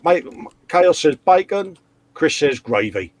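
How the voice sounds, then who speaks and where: A man's voice: mid-range voice, moderate pace, a little mellow, slightly rough, no echo. A man hosting a live model-building stream, joking and reading out viewer comments in casual banter. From England. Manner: jokey, reads viewer comments aloud.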